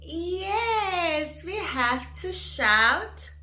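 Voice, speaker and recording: A woman teaching toddlers in a slow, exaggerated, sing-song way, gasping and making animal sounds. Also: a little high, sing-song, bright, forceful tone. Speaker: children's educator. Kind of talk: toddler learning video.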